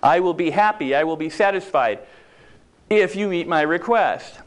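A man's voice: fairly high pitch, moderate pace. A man giving a humorous motivational talk in a conversational, joking way, acting out little quoted exchanges. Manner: conversational, jokey, acts out quoted lines.

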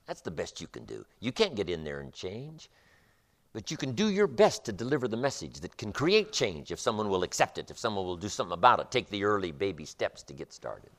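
Lively, emphatic male motivational speaker. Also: lowish voice, fairly quick. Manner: emphatic, repetitive, preacher-like cadence. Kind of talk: motivational lecture.

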